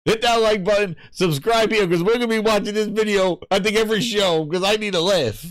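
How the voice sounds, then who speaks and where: A man hosting a casual gaming show, excitable and slangy, often breaking into laughter while he reacts. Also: high voice, a little fast, no room sound, clean studio sound. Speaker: host. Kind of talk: casual live-show commentary.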